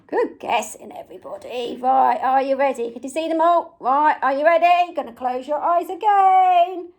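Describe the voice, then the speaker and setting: A woman's voice: extremely high pitch, expressive, measured pace, a little mellow. A young woman leading a memory game for small children, gasping with surprise and making animal sounds. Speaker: early years teacher.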